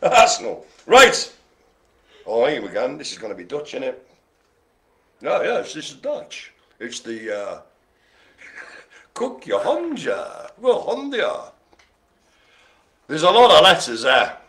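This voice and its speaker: A man calling bingo with a bright, forward voice that swings up and down. He jokes, tells puns and laughs a lot, chatting away between the numbers. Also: mid-range voice, big pitch swings, a little slow. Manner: chatty, rambling asides. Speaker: bingo host. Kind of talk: live-streamed bingo calling.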